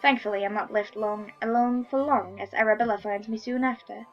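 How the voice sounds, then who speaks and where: A woman's voice: mid-range voice, fairly even intonation, moderate pace, hardly any pauses, muffled recording, soft background music. A woman reading a story game aloud in a casual let's-play, giggly and self-mocking, with some swearing.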